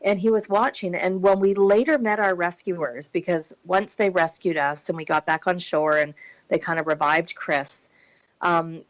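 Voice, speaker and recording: Middle-aged woman guest, low-ish voice, animated storyteller who laughs a lot. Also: poor audio. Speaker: podcast guest. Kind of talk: casual storytelling interview.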